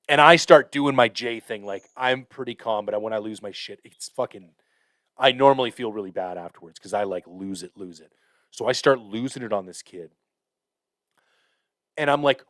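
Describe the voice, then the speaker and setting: A man hosting a podcast, telling a hunting story in a casual, profane, animated way with lots of fillers. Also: mid-range voice, moderate pace, no echo. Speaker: podcast host.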